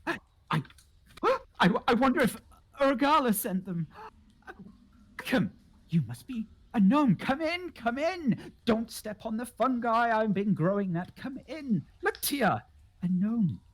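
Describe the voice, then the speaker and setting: A man's voice: very high voice, sing-song, slow, pitched above the performer's own voice, exaggerated voice. A man voicing an eccentric hermit woman in a tabletop game who mutters to her pet toad, stammering and gasping as she talks. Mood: excited.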